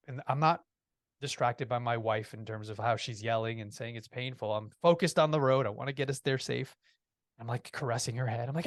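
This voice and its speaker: A man telling a personal story in a lively, animated way, with many restarts. His voice sits at a middle pitch. The recording is close and dry. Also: moderate pace, dry recording. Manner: lively, acts out quoted voices, restarts often. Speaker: podcast guest.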